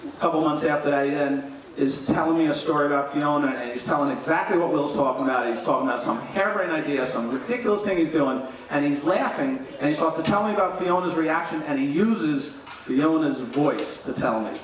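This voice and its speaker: Speaking fairly quickly over crowd noise, a father of the groom with a slightly high voice tells humorous stories in his wedding speech, mimicking the people he quotes. The recording comes from a very echoey reception hall with a distant mic and faint noise.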